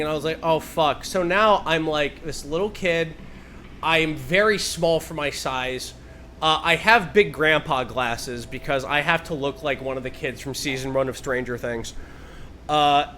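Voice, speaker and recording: A man telling a story on a live stream, rambling with many fillers and swearing freely, building to loud, animated bursts. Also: on the high side, slight background noise.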